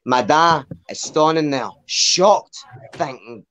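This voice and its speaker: Speaking slowly in a slightly high, fairly bright voice, a young stand-up from Glasgow, Scotland, delivers a rambling, profanity-laced set at an online open mic. He keeps finishing lines with "man."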